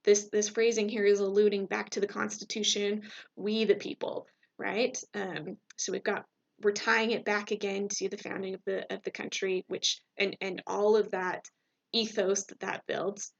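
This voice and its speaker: A woman's voice: medium pitch, level tone, moderate pace, creaky, muffled recording. A woman teacher talking through a recorded lecture in a conversational way, checking in with "right?" and using fillers.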